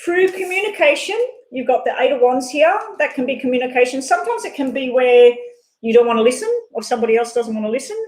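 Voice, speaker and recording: A woman's voice: high-pitched, darkish tone. Chatty woman reading tarot. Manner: chatty, fast-talking, rambling asides. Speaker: tarot reader. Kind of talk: live-stream tarot reading. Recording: echoey room.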